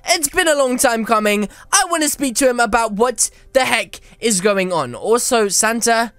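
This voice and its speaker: A woman hosting a game video, chatting and exclaiming in excited commentary. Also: fairly high pitch, normal speed, no room sound. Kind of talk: excited let's-play commentary.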